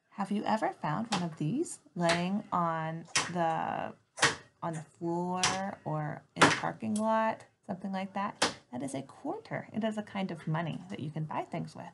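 A woman teaching phonics to young children from home models letter sounds slowly and clearly, in an animated, sing-song style. Her pitch is fairly low, and the recording is very noisy.

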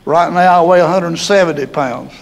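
A man's voice: fairly high pitch, brisk, gravelly, noisy background. An older man with a Southern American accent tells stories in an interview, folksy and chuckling. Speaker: hall of fame inductee. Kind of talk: storytelling interview.

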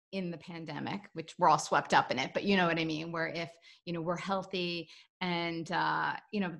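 A woman's voice: on the low side, creaky, fairly bright tone. A woman hosting an interview, telling a story in a chatty, friendly way over a video call. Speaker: interview host. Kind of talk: casual interview chat.

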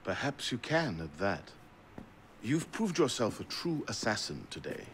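A man's voice: lowish voice, big pitch swings, a little slow, a bit bright, slight background noise. An actor playing a grave, formal male mentor of an assassin order in a video game. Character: stern older male assassin mentor, commanding.

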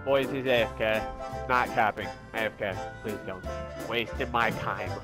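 A man's voice: on the low side, normal speed, over music. A man giving urgent tactical callouts in game voice chat.

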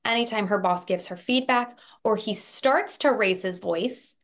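Animated woman therapist explaining with examples. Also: mid-range voice, a little slow. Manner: animated storyteller, acts out quoted voices with frequent "right?". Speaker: therapist guest. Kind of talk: conversational explanation on a podcast.

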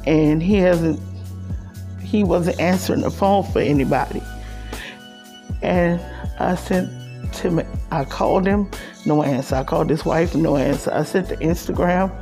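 A middle-aged woman, crying as she talks haltingly in a personal vlog. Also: low voice, dark tone, soft background music. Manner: tearful, halting, repeats herself. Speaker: vlogger.

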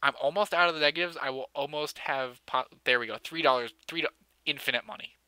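Give me a bright, joking young man narrating his gameplay. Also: fairly high pitch, fast, clear, resonant tone, dry recording. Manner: joking, sarcastic, self-mocking, often laughing. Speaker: gamer playing a city-building game. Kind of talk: casual let's-play commentary.

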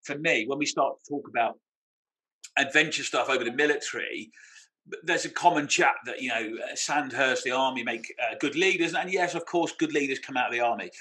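A man's voice: mid-range voice, fairly quick, sharp tone, rough recording. A middle-aged British man co-hosting a podcast, telling stories with laughter and imitations. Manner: storytelling with laughs and mimicry. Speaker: podcast co-host. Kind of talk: casual anecdotal chat.

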